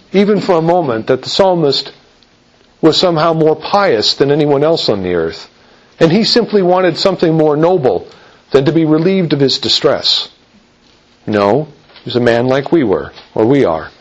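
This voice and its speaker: A man preaching a sermon in an earnest, measured way, slowing down to stress quoted verses. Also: a little high. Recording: dull lo-fi recording.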